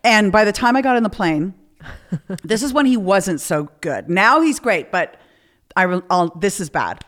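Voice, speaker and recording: A woman in relaxed conversation, sharing frank personal stories. She slips into the voices of the people she quotes and keeps an easy, mid-range pitch. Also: normal speed. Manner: candid storytelling with acted-out quotes. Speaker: podcast guest. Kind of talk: casual chat.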